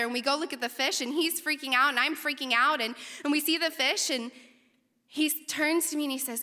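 A young woman telling a personal story to an audience, lively, her voice leaping up when recounting panic. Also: high voice, brisk. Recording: reverberant hall.

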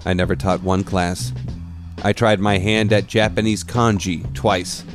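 A man hosting a podcast, reading a scripted narration in a measured, reflective way. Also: low voice, level tone, over music. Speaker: podcast host.

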